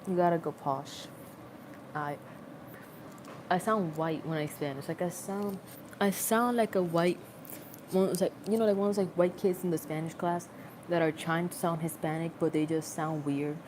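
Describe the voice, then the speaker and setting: A woman's voice: on the low side, fairly even intonation, moderate pace, darkish tone, a little hiss or hum. A young adult woman rambling in a casual, self-mocking livestream chat, recorded on a phone.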